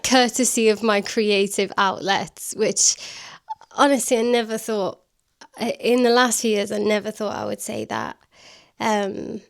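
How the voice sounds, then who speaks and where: Slow-talking chatty woman vlogger. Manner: chatty and self-deprecating, laughs often; baby-talk to her dog, higher and softer. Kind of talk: casual vlog chat. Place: home living room, indoors.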